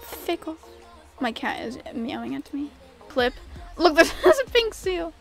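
A young woman streaming a game, chatting casually with her viewers and reacting loudly, from mumbles to shrieks. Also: sits high, measured pace, creaky, faint music behind. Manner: expressive, swings between mumbling and shrieking in frustration; reads chat questions aloud and answers. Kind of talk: casual gameplay commentary to chat.

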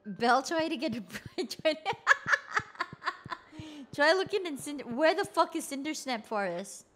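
A woman streamer chatting casually with viewers while she plays, swearing freely. Her voice jumps high when she gets angry. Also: expressive, unhurried, slight background noise. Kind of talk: casual gameplay commentary.

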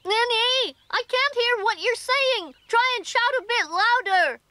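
A woman's voice: very high voice, unhurried, bright, forceful tone, dry recording, heavily acted. A woman voicing a kind, earnest young male troll in a cartoon, eager and encouraging, often calling out to friends. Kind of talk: animated cartoon voice acting.

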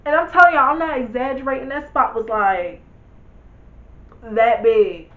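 A woman's voice: a little high, normal speed, echoey room, phone-quality sound. A young woman vlogger telling a casual storytime, candid and blunt, swearing freely and talking to her viewers.

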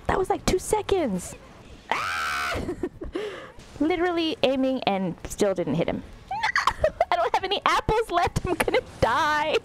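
On a rough recording with slight hiss or hum, a woman with a very high-pitched voice provides live commentary on her gameplay. She laughs and responds sarcastically to the game's characters.

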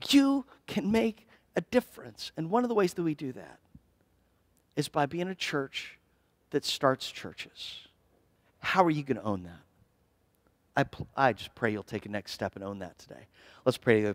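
A man's voice: mid-range voice, animated, moderate pace, pauses often, no echo, studio quality. A man preaching a sermon in church as pastor, earnest and building to impassioned appeals.

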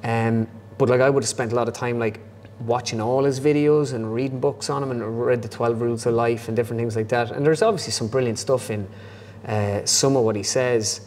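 Fast-talking Irish man chatting. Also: mid-range voice, long reverb tail. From Ireland. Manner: quick, lively storytelling, slips into impressions. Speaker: impressionist guest. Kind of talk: casual pub chat.

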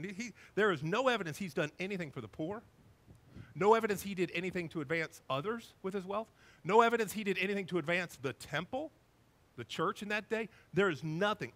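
A male pastor preaching a sermon in an animated, emphatic storytelling manner. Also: high voice.

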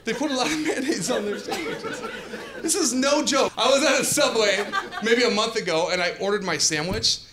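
A male stand-up comedian who tells his jokes in an animated way and acts out customers and counter workers, on a comedy club stage. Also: very high voice, moderate pace, crowd noise. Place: comedy club stage before a laughing crowd. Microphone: handheld stage mic. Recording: live club audience laughter.

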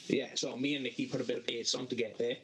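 A man's voice: mid-range voice, little pitch movement, fast talker, slight background noise, poor audio. A man casually telling a rambling, sweary festival story to friends on a podcast. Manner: sweary, rambling anecdote with laughs. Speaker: podcast co-host.

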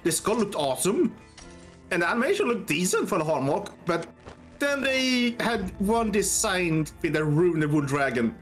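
A man's voice: high voice, normal speed, soft background music. A man co-hosting a game stream, chatting casually and drifting into digressive stories. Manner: storytelling, animated, digressive. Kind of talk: casual chat.

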